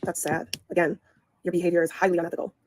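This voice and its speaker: A mother talks fast on a casual livestream, defensive and insistent about her daily routine. Her voice is lowish with a level tone, and there's no echo.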